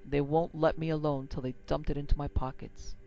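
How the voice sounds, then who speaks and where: A man's voice: a little high, little pitch movement, brisk, vocal fry, warm tone, highs cut off. A man voicing a hearty big saloon keeper. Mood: genial. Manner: hearty, coaxing frontier talk. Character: big prosperous saloon owner, genial and pushy.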